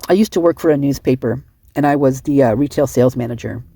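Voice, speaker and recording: A woman's voice: very deep voice, fast talker, gravelly, mellow, no room sound. A middle-aged woman giving rambling, emotional casual commentary, sleep-deprived and often restarting her sentences. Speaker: online commentator.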